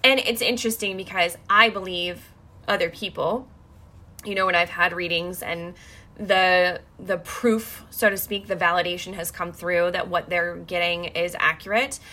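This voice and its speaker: A woman with a bright, crisp voice tells a personal story in a loose, chatty way. She rambles and stacks up "like" fillers, and her voice carries emotion. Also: on the low side, fairly even intonation, moderate pace.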